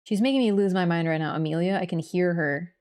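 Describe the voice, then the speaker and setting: A woman's voice: fairly low pitch, fast, a little mellow. A woman streaming a video game, chatting casually to her viewers, apologetic and swearing now and then. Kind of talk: casual livestream chat.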